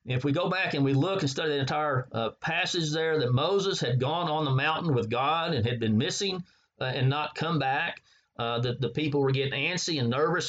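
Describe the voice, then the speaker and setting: A man preaching a Bible sermon, halting often with fillers and repeated words as he reads and explains scripture. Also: mid-range voice, a bit bright, highs cut off.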